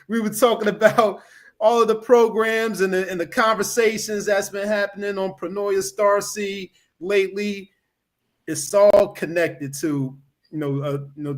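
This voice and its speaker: A man hosting a casual podcast chat over a video call, rambling with lots of "you know" fillers. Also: high voice.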